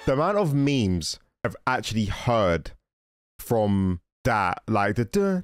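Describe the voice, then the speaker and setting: Young male reaction host, lively pitch, blurts and restarts, faint music under him. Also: measured pace, no echo. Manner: exclaiming, self-interrupting, laughing. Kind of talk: casual excited reaction commentary.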